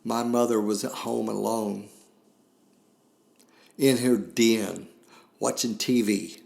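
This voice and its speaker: An older man hosting a podcast, telling a solemn personal story in a slow, grave way with long pauses. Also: lowish voice, fairly even intonation, creaky, a little mellow. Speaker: podcast host.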